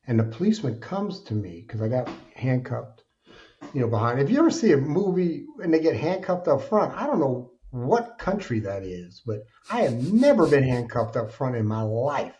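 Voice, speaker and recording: A man speaks as a podcast guest, telling his story with animated emphasis and a dark, mellow tone. The sound is a little dull and muffled. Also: mid-range voice, normal speed. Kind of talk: candid storytelling interview.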